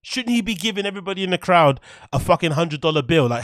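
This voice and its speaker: A British man rants as a podcast host, swearing freely and laughing at his own jokes. His voice sits a little high for a man. The recording is close and dry, with no room sound. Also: expressive, quick pace, a bit bright, no room sound. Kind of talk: ranting comedic commentary.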